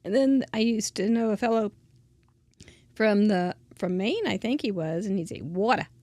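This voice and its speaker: A woman's voice: medium pitch, moderate pace, mellow, no echo, studio quality. A woman giving a chatty, casual crafting tutorial, drifting into asides and laughing often. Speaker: crafting instructor.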